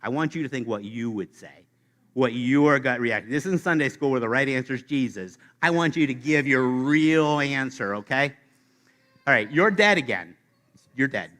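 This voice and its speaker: A man preaching a sermon to his congregation, playful and animated, speaking straight to the listeners. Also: medium pitch, moderate pace. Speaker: pastor. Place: church sanctuary.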